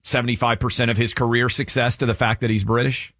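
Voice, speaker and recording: A man's voice: mid-range voice, level tone, quick pace, fairly bright tone, no echo, clean studio sound. A man from Tennessee co-hosting a radio talk show, emphatic and opinionated, often repeating phrases. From Tennessee, USA. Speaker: radio co-host. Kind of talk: casual radio banter. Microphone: studio microphone.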